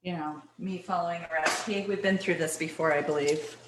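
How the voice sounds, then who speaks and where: A woman's voice: low voice, steady tone, brisk, roomy sound, background noise. A middle-aged Canadian woman hosting a casual cooking show from her kitchen, chatty and self-deprecating, apologizing often as she works. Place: home kitchen.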